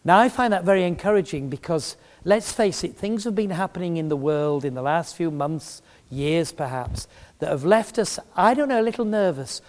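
Man, middle-aged preacher, emphatic storyteller, higher voice, long hall echo. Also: lively intonation, normal speed, a little mellow. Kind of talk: sermon with a story. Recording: long reverb in a large hall.

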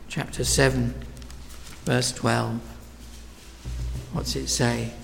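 A man preaching a sermon, slow and emphatic, swinging from hushed whispers to loud cries. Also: mid-range voice, sing-song, vocal fry. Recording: long reverb of a large hall.

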